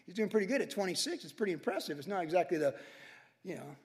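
A man's voice: sits high, expressive, fast, big-room sound. A man voicing a skeptical male onlooker who talks in a slangy, offhand drawl. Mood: wry.

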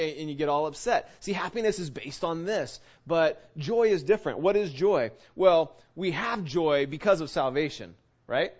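A man's voice: fairly high pitch, normal speed. A man giving a conversational Bible teaching, earnest, often checking in with his listeners and restarting his words. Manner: earnest, keeps asking "right?", restarts words. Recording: dull lo-fi recording.

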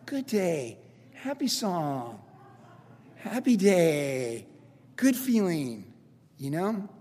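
Man, pastor, lively conversational sermon, repetitive, long church reverb. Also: high-pitched, slow, breathy edge. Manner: energetic, repetitive, talks straight to the congregation.

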